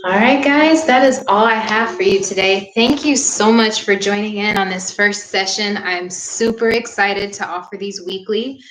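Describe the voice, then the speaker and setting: A young woman yoga instructor wrapping up a live-streamed class, talking in a warm, earnest and chatty way with frequent "um" fillers. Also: medium pitch, moderate pace, few pauses, over music. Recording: echoey room.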